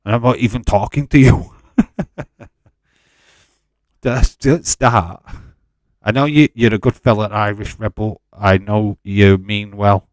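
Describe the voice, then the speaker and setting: Male stream host, 40s, defensive, addresses chatters by name, low voice, dry sound. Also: fairly even intonation, slow pace, long pauses, no room sound. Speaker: livestream host. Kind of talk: casual watch-along chat, answering live chat.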